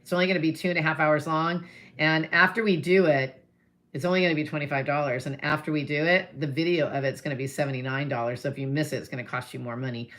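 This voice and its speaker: Low-voiced, chatty woman agent. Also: steady tone, fast, a bit bright. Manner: chatty storytelling, acts out both sides of calls; salesy, pitches her classes. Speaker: real estate agent and teacher. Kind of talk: live-stream talk to viewers.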